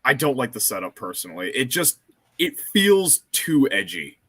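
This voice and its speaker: A man's voice: medium pitch, big pitch swings, moderate pace, a bit bright, no echo. A man co-hosting a casual show review chat, opinionated and casual. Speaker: co-host.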